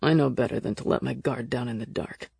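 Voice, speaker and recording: A woman voicing a wary, gruff man who is jumpy underground, speaking low and clipped in an audiobook. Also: brisk, warm tone, no echo, studio quality, full character voice. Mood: guarded.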